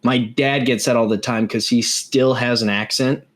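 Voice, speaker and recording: A man's voice: mid-range voice, steady tone, moderate pace, a bit bright. A young man from Texas, co-hosting a casual podcast chat, rambling and correcting himself as he talks. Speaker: podcast co-host.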